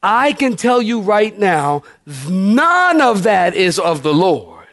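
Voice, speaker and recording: High-voiced laughing preacher man. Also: takes it slowly. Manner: animated, laughing often, folksy. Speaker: pastor. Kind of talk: humorous sermon storytelling.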